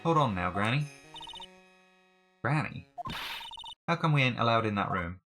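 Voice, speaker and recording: A man's voice: mid-range voice, unhurried. A man doing a brash Southern gal photographer. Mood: indignant. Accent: Southern US, put on. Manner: folksy, pushy, excitable. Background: game music.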